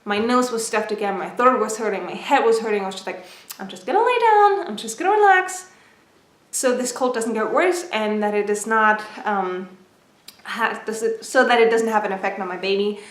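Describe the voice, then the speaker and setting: A woman in her twenties giving a casual vlog update, chatty and excited, a little out of breath, with a stuffy nose from a cold. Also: medium pitch, fairly quick, echoey room. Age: 20s. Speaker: vlogger.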